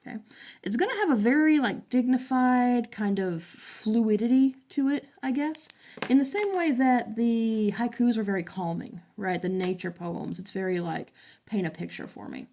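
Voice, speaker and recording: A woman's voice: a little high, normal speed, mellow. A woman teacher giving a recorded class lesson, talking casually and checking in often with "okay?".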